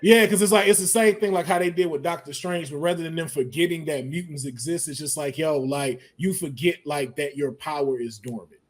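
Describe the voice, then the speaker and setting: A man hosting a casual pop-culture podcast, animated and slangy, laughing often. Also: on the high side, a little fast, few pauses. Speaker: podcast host. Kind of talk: casual chat.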